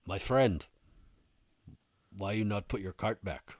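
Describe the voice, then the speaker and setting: A man's voice: low-pitched, fast, gravelly, no echo. A man voicing a huge, stern but polite foreign man who speaks broken English. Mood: firm polite.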